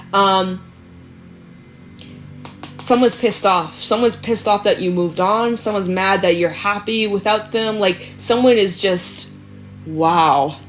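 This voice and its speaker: A woman giving a casual tarot reading, chatty and animated, swearing freely and acting out quoted voices. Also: medium pitch. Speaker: tarot reader. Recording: faint background music.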